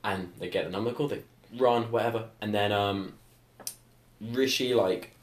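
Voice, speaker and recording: A young man with a lowish voice, talking at normal speed, tells rambling school stories as a podcast co-host. The casual storytelling chat is full of "like" fillers and laughter, recorded in an echoey room.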